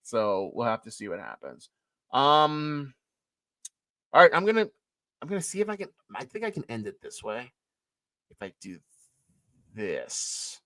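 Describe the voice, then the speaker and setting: Male streamer, rambling casual chat, lively delivery, dry room. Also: medium pitch, measured pace, long pauses, no room sound. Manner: rambling, chatty, laughs often. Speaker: live stream co-host.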